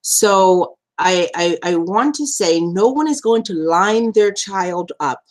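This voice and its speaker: A woman hosting a live stream, telling a personal story with lots of laughter and animated acted-out quotes, then slowing down and softening for serious points. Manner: animated, laughs often, acts out quotes with big pitch jumps. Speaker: survivor advocate and live stream host.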